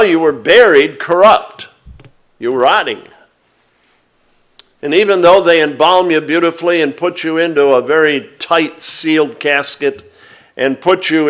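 A male preacher with a somewhat high voice delivers his sermon at an unhurried pace. He reads scripture aloud with rising emphasis, then explains it plainly to the congregation. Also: a bit bright. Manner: slow, deliberate preaching that rises for scripture readings.

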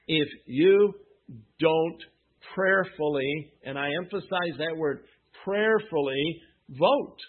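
Husky high-voiced preacher on a tinny line. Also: male voice. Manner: emphatic, rhetorical questions and answers. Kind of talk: sermon. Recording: tinny phone-like sound.

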